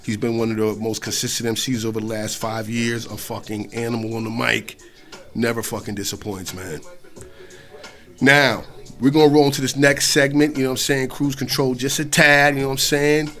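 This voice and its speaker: A man's voice: medium pitch, steady tone, moderate pace, faint music behind. Laid-back male hip-hop radio host. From New York State. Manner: loose and conversational, swearing, fillers, shout-outs. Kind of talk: casual hip-hop radio talk between songs.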